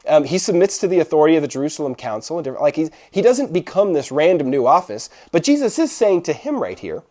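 A man's voice: on the high side, sing-song, quick pace, mellow. A young man preaching a casual sermon, checking in with his listeners often as he explains. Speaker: pastor. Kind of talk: conversational sermon.

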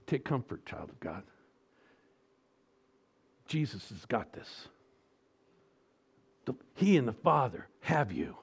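A middle-aged male pastor delivering a sermon, moving between hushed, almost whispered reassurance and loud, emphatic exhortation. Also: mid-range voice, big pitch swings, takes it slowly, creaky, long pauses, breathy edge.

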